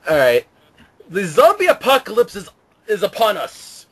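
A man reads weird news on a casual podcast, slipping into a put-on newscaster delivery. His voice sits a bit high and swings all over, and he takes his time. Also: fairly bright tone, slightly rough. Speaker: podcast host reading news.

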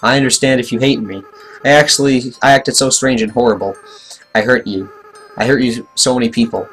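A man reading aloud the lines of a remorseful young boy monster from a game, softly and gently. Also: medium pitch, fairly even intonation, brisk, soft background music, natural voice, poor audio.

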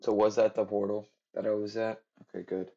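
A man's voice: on the low side, flat delivery, a little fast, gravelly, warm tone. Rambling young-sounding male gamer, muffled mic. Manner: rambling, self-deprecating chatter to viewers. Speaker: streamer playing a horror game. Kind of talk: casual let's-play commentary. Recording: muffled lo-fi mic with noise behind.

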